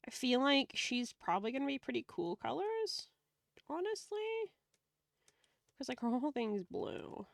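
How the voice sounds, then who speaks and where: A playful woman streamer chats casually as she draws and laughs often. Her voice sits a little high, with a gravelly fry running through it. The sound is dry and close, with no room around it. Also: dry recording. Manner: playful, laughs often, quick joking banter. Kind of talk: casual chat while drawing on stream.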